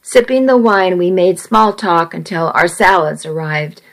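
A woman reading a first-person romance story aloud in a steady, measured way. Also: lowish voice, rough recording.

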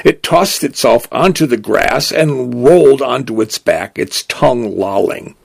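A man narrating a story in a measured, expressive way. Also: medium pitch, gravelly, slightly rough, dry recording.

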